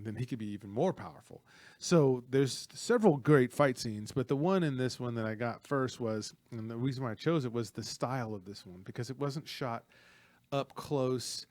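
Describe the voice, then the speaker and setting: Male co-host, mid-range voice, dry sound, lively film-buff storyteller. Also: mid-range voice, no room sound. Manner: animated storyteller, acts out movie lines. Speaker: podcast co-host. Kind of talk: casual film discussion.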